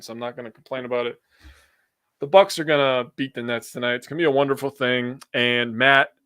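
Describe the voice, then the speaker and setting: A young man with a Wisconsin accent co-hosts a loose sports podcast, blunt and opinionated, and he swears offhandedly. His voice is bright and edged, recorded close and dry, with no room sound around it. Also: medium pitch, smooth, no room sound. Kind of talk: casual sports chat.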